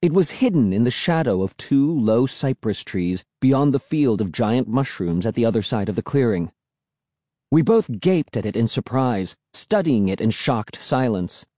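Warm, animated male audiobook narrator. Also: medium pitch, moderate pace, no room sound, clean studio sound. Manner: expressive, dramatic storytelling. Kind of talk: scripted narration of a children's spooky novel.

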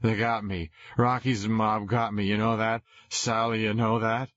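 A man voicing a drunk teenage boy who yells and pleads into a phone, on a dull lo-fi recording. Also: fairly low pitch, level tone, unhurried, no room sound. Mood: drunk, pleading. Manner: slurring, loud and pleading.

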